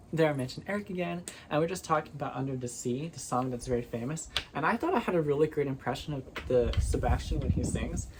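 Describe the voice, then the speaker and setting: A woman with a low voice talks casually to her phone camera from her bedroom. She rambles and keeps restarting her sentences. A steady background noise sits under the recording. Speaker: vlogger. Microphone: phone propped on a windowsill.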